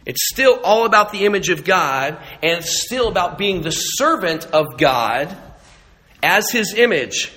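A man's voice: sits high, big pitch swings, measured pace, sharp tone, in a large hall. A middle-aged man preaching a sermon in a conversational way, telling stories and restarting his phrases as he goes. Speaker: pastor.

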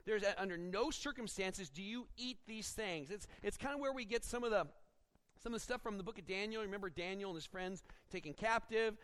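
Male pastor, higher voice, expository sermon with acted asides. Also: fairly quick. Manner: expository preaching with acted-out quotes; animated, rising when dramatizing.

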